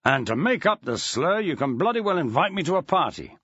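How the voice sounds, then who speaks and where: A man's voice: a little high, sing-song, fairly quick, a bit bright, husky, dry recording, muffled recording, heavily acted. A man reading an audiobook, voicing a wry, theatrical male schoolteacher with a dry, mock-grand way of talking. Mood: sardonic.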